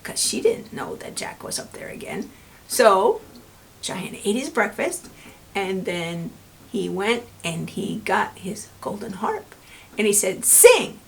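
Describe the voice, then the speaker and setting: A woman librarian reading a fairy tale to children and explaining a craft, gently checking in with them. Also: medium pitch, expressive, takes it slowly, creaky. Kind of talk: children's story time reading.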